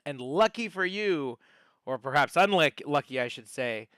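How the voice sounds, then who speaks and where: A man's voice: fairly high pitch, animated, moderate pace, fairly bright tone, dry recording, studio quality. A man running a tabletop game as dungeon master, telling the lore with frequent fillers and restarts. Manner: storytelling with many fillers and restarts.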